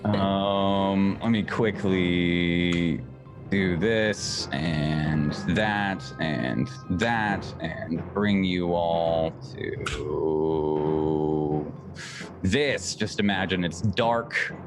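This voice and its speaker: A man's voice: deep voice, drawn-out words. A man narrating as game master, laid-back and laughing, humming little sound effects between lines. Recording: music playing behind.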